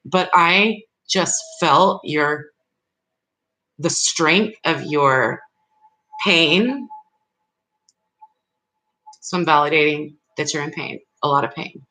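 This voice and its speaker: Bright-voiced, reassuring woman tarot reader. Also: sits low, slow pace, pauses often, rough recording. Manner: reassuring, speaks directly to viewers; loose and rambling, with restarts. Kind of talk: live tarot reading stream.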